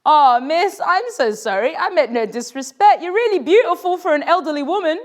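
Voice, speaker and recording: A woman's voice: sits high, lively intonation, normal speed, voice pushed up. A woman doing a flustered, joking schoolgirl. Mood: cheeky. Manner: rambling, stammering when nervous. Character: cheeky flustered schoolgirl, quick to joke.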